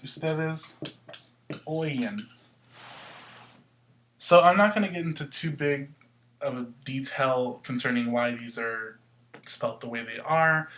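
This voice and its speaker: A man teaching a Spanish lesson, explaining slowly and patiently with some fillers. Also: medium pitch, fairly bright tone. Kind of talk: recorded classroom lesson.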